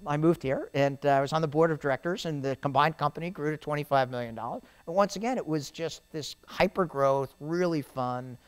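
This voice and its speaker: A middle-aged man on stage as a guest speaker, telling rambling, animated stories about his career to a live audience and often tagging lines with "right?". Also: fairly high pitch, a little fast, few pauses, clean tone. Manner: animated, rambling storyteller who keeps adding "right?". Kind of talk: storytelling interview on stage. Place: event venue with a live audience.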